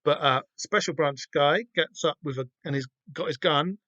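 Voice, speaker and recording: A man's voice: on the high side, moderate pace, pushed and bright, no echo, highs cut off. A man with a Southern English accent hosting a podcast, giving casual comic-book commentary in a rambling, sweary, self-deprecating way. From Southern England. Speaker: podcast host.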